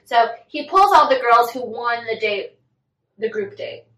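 A woman's voice: fairly high pitch, expressive, measured pace, a bit bright, far from the mic. Young woman, podcast co-host, gossipy casual chat, echoey room. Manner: gossipy, recaps with acted quotes. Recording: echoey room, voice a bit off-mic.

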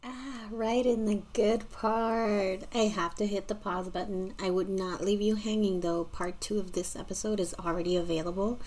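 A woman podcast host giving a relaxed outro and speaking straight to listeners. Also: medium pitch, moderate pace, hardly any pauses. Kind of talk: episode outro.

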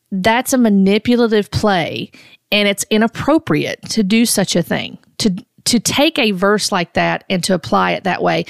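A middle-aged woman hosting a critical commentary on prophecy videos, speaking earnestly and deliberately, often restarting her sentences. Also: medium pitch, vocal fry, dry recording. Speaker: host.

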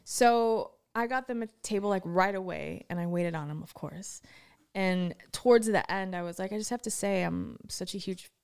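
A woman's voice: medium pitch, moderate pace, a little mellow, clean tone. A woman from Wisconsin, co-hosting a casual podcast, telling a story in a chatty, giggly way with many restarts. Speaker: podcast co-host.

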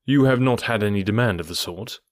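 A man voicing a shrewd, cool middle-aged detective who speaks in a bland, measured way. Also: lowish voice, dry recording, studio quality, natural voice. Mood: blandly probing.

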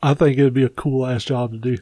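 A man's voice: medium pitch, fairly even intonation, brisk, dark tone, no echo. A man co-hosting a podcast who tells crude, joking stories in casual chat. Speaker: podcast co-host.

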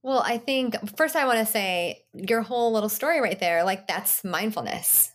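A woman's voice: medium pitch, expressive, moderate pace. A woman in her thirties, a yoga teacher and podcast guest, talking casually in a reassuring, explanatory way and often checking in with "right?". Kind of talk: casual conversation.

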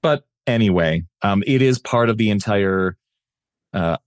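Male podcast co-host, lowish voice, wry and easygoing, dry sound. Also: unhurried, clean tone, no echo. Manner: easygoing, hesitant restarts, wry. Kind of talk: casual chat.

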